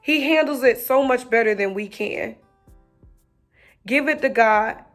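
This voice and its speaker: A woman's voice: on the high side, measured pace, soft background music. A woman preaching an encouraging sermon, rhythmic and repetitive, with casual slang. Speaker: online preacher.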